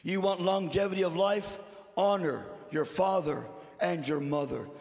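A man preaching a Good Friday sermon in a church sanctuary, swinging from hushed whispers to shouted exhortation and repeating short phrases for emphasis. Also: high-pitched, a little slow, vocal fry. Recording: long church reverb.

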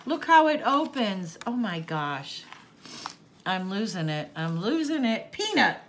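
A woman's voice: medium pitch, very animated, slow pace, a little hiss or hum. An older woman hosting a craft channel, gushing and tearful as she opens a gift, gasping and laughing often. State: tearful, sniffling. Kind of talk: casual unboxing chat.

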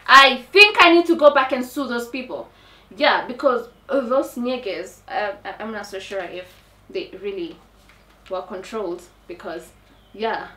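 A young woman with a Kenyan accent telling a comic personal story in a dramatic, animated way. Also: fairly high pitch. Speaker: storyteller on a talk show. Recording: echoey room, mic at a distance.

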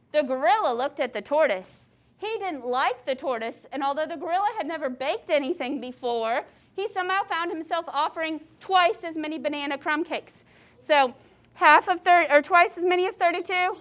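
A high-voiced woman teacher reads a storybook aloud to a class of children. She keeps it lively, stopping to quiz the kids and comment on the story. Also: normal speed. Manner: lively, asks the class questions. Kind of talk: reading a picture book aloud to children.

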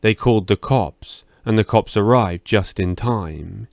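A man reading a first-person horror story aloud in a steady, measured way. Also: fairly low pitch, vocal fry, dry recording, studio quality.

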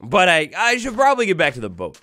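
A man's voice: high-pitched, huge pitch swings, fast, bright, forceful tone, no echo, clean studio sound. A young man giving playful, theatrical commentary while playing a survival video game, talking to the animals and villagers he meets. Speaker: gaming YouTuber. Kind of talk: Minecraft let's play commentary.

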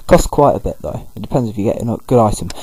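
A man's voice: lowish voice, big pitch swings, fast, darkish tone, breathy edge, no room sound, low-quality recording. A man giving loose, rambling commentary over a video game playthrough. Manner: rambling, loose, full of fillers. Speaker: gaming video host. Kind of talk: casual let's-play commentary.

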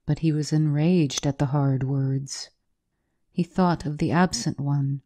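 A woman narrates a literary tale as an audiobook reader. Her voice is low and dark-toned, and she keeps an unhurried, measured pace. Her storytelling stays steady and even from line to line.

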